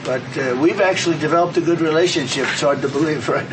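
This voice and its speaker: A man's voice: fairly high pitch, quick pace, far from the mic, background noise. Rambling man at a press event. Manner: rambling, repetitive. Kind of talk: off-the-cuff press remarks.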